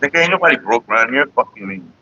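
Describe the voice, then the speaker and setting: Guy rambling and cussing on a morning stream, bright pushy voice, muffled lo-fi audio. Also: medium pitch, expressive, quick pace, slightly rough. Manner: profane, rambling, talks to viewers and his partner; sings loudly and off-key at times. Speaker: vlogger. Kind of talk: casual morning livestream chat.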